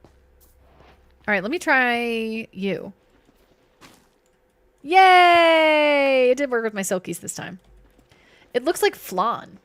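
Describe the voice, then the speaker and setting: Girl streamer gaming n chatting, bouncy up-down voice, slow easy pace. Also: fairly high pitch, lively intonation, a bit bright. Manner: playful, chatty, talks to herself and to chat. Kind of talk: casual live-stream chat while gaming.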